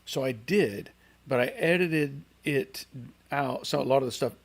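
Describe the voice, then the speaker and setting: A man's voice: mid-range voice, a little slow, gravelly. Chatty middle-aged man hosting a livestream. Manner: chatty, rambling, reads out viewer comments. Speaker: host of a car channel livestream. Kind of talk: casual livestream chat.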